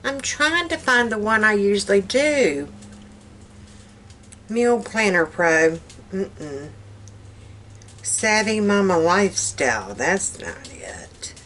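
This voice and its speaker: A woman with a Southern US accent chatting casually in her home kitchen for a vlog, folksy and quick to laugh. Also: medium pitch, big pitch swings, a bit bright. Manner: folksy, laughs often while talking. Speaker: vlogger.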